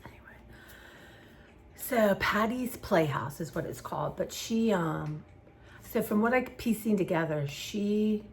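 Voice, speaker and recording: Chatty, gravelly-voiced woman rambling. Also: lowish voice, a little hiss or hum. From southern Maryland, USA. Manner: rambling, chatty, trails off mid-sentence. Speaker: YouTuber. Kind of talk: casual chat while painting.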